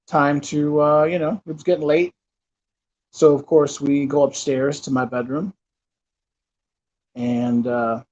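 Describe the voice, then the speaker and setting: Rambling man in his thirties, slightly high voice. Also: a little mellow. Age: 30s. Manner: rambling, full of fillers and restarts. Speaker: channel host. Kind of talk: casual storytelling. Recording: dull lo-fi recording.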